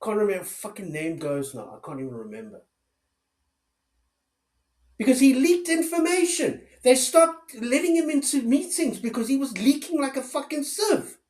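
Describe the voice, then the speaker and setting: A man's voice: very high-pitched, big pitch swings, normal speed, a little mellow. A man giving an angry political rant, swearing heavily and firing off sarcastic rhetorical questions. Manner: furious, heavy swearing. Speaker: political commentator. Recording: roomy echo.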